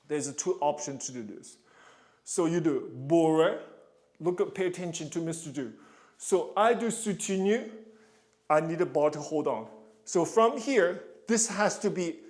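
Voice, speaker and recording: High-voiced man coaching ballet. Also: animated, measured pace. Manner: counts rhythm aloud, sings da da cues, loud encouraging calls; explanatory, asks "you understand?". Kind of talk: live coaching session.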